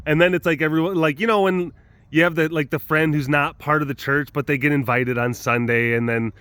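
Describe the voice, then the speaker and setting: A man with a slightly higher voice, hosting a big cat webcast from outdoors. He talks in a loose, meandering way, trips over his own sentences and laughs as he goes. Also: steady tone, brisk, fairly bright tone, clean tone. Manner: chatty and meandering, many restarts, laughs often, now and then mimics animal sounds. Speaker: big cat sanctuary keeper and webcast host. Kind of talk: casual rambling talk to camera. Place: outdoors at a wild animal facility.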